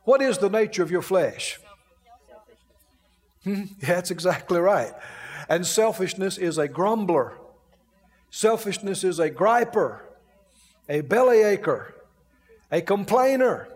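A man's voice: sits high, expressive, takes it slowly, pauses often, big-room sound. A man preaching a sermon in a folksy way, laughing as he acts out grumbling complaints.

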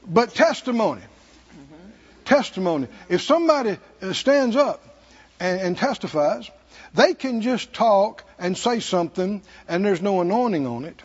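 A man's voice: high voice, very animated, measured pace, long pauses, slightly rough, dull audio. A man with a Southern American accent preaching a sermon in a church, folksy and humorous, chuckling between points. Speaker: pastor. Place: church sanctuary.

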